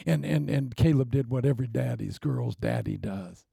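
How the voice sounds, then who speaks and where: A male pastor preaches with animated delivery and now and then drops into a whisper for emphasis. His voice is mellow, husky and gravelly, and it sounds close and dry. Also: mid-range voice, normal speed, no echo. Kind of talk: sermon.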